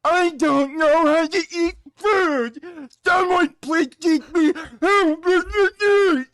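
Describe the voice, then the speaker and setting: A man calmly delivering a formal, apologetic statement in a measured way, played from a video. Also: very high voice. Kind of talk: scripted spoken statement.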